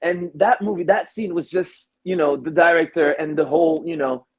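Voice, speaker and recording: A man talking casually about films as a guest, excitable and animated when retelling scenes, with a husky voice. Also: normal speed, low-quality recording. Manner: excitable, animated retelling with big pitch jumps. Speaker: guest, film reviewer. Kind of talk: casual chat.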